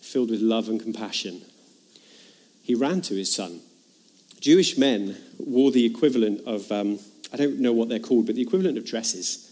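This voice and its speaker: A man's voice: medium pitch, fairly quick, darkish tone. A man preaching a sermon, earnest and emphatic, retelling a parable with dramatic rises in his voice.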